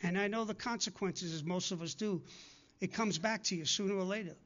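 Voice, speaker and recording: A man with a high, brisk, slightly bright voice preaches a sermon to his congregation, and the recording sounds muffled. He earnestly urges them over and over, acting out the people he quotes.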